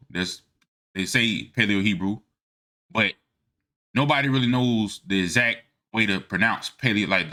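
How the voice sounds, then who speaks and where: Pitched fairly low, his voice sounds pushed and bright as he gives a casual lecture on religious history from his notes. He's emphatic and informal, repeatedly checking in with "all right?"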